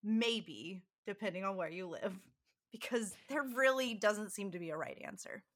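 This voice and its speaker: A woman's voice: medium pitch, animated, normal speed, a bit bright. A woman co-hosting a podcast, chatting and explaining things with frequent laughs. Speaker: podcast co-host. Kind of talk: casual chat.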